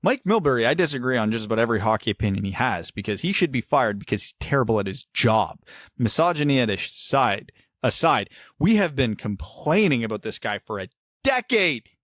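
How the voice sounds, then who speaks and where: A man's voice: mid-range voice, big pitch swings, brisk, a bit bright, no room sound, clean studio sound. A man co-hosting a casual podcast, ranting heatedly and swearing. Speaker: podcast co-host.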